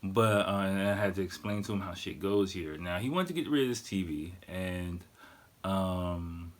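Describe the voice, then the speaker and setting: A man with a very low voice hosts a podcast and tells his story in a relaxed, rambling way. He swears freely and keeps falling back on "like" and "you know." He sounds middle-aged. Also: normal speed. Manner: profane, laid-back, loose with fillers like "you know" and "like". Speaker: podcast host. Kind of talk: casual storytelling monologue.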